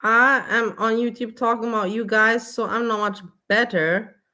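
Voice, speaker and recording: A woman's voice: on the high side, fairly even intonation, normal speed, bright, forceful tone. Blunt ranting woman vlogger. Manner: blunt, exasperated, repetitive. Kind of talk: casual ranting monologue.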